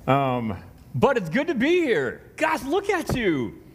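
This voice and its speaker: Man, pastor, slightly high voice, rambling, self-deprecating, casual sermon, long hall reverb. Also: wildly swooping pitch, slow pace, a little hiss or hum. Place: large church hall before a congregation.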